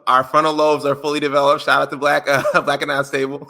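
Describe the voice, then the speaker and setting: A man's voice: a little high, monotone, quick pace, vocal fry, sharp tone. A man co-hosting a podcast in casual chat, reading out listener answers in a joking, slangy, playful way. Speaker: podcast co-host.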